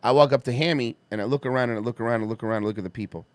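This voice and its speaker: A man's voice: rapid-fire, dry recording. A man hosting a show, chatting crudely and reading out listener donations. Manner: animated, swings into loud high mock voices when quoting. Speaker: podcast host. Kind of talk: crude casual chat.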